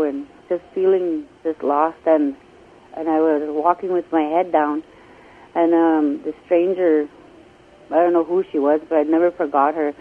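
A woman calling in to a radio show, telling a personal story in a halting, emotional way with many restarts. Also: low-pitched, fairly even intonation. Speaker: radio caller. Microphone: telephone. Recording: tinny phone line.

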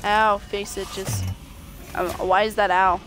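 A woman's voice: mid-range voice, level tone, slow, a bit bright, faint music behind. A woman with a slight Southern US accent, chatting through a live-streamed game and talking back to it. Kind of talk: live-streamed gameplay commentary.

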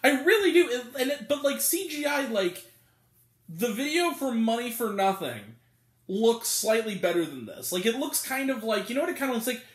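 Male movie reviewer, high and very expressive voice, rambling and self-correcting. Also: moderate pace. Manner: animated, rambling, stumbles over names and laughs. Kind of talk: casual spoken movie review. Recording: roomy echo.

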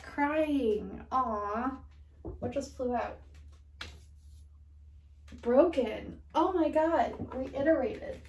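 High-voiced giggly woman reading tarot. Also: drawn-out words, long pauses, a little hiss or hum. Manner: giggly, profane, frequently laughing. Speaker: tarot card reader. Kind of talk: casual channeled tarot reading. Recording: echoey room, far from mic.

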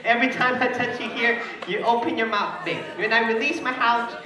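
A man's voice: very high-pitched, fairly quick. Playful man emceeing a party. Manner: playful, teasing, laughs often. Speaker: party entertainer. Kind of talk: party emcee with audience banter. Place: indoor party venue. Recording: echoey party hall, distant mic, crowd.

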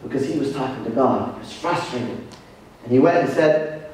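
A man, a priest, giving a lively sermon lecture and telling stories with acted-out voices. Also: medium pitch, moderate pace. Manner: animated storytelling, acts out quoted voices. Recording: echoey hall, distant mic, faint noise.

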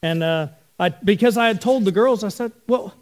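A middle-aged man preaches from the pulpit, his voice sitting fairly high for a man. He tells family stories in an easy, conversational way and often turns to address the people listening. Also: normal speed. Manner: storytelling, conversational with the congregation. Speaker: pastor. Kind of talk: sermon.

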